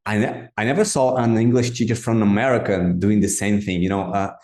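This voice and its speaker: Lower-voiced man, halting learner's English, roomy echo. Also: fairly even intonation, darkish tone. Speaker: podcast host, interviewer. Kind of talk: casual interview chat.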